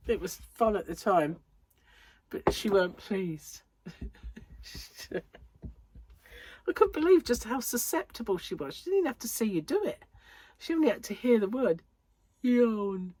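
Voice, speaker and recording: A woman's voice: mid-range voice, sing-song, unhurried, long pauses, a little mellow, husky. A woman hosting a crochet channel, chatting casually to camera at home with rambling, giggly anecdotes, sounding a little congested and out of breath. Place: home room under lights.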